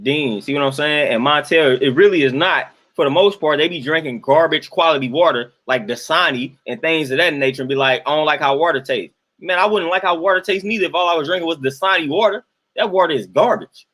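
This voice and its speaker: A young man on a live stream, ranting in an exasperated, emphatic way. His voice sits a little high for a man, and he hammers his points by repeating them. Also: brisk, a bit bright. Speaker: host ranting to live chat.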